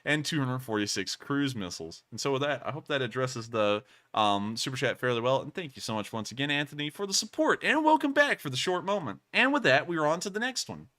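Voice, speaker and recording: A man's voice: medium pitch, very animated, brisk, few pauses, pushed and bright. A man hosting a casual news livestream who says he is exhausted and yawning, talking in a drawling, apologetic way between answers. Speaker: livestream host.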